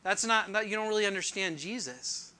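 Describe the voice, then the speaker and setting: A man gives a sermon in a high, piercingly bright voice. He speaks earnestly and poses rhetorical questions to his listeners. He slows down deliberately whenever he reads scripture aloud. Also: animated. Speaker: pastor.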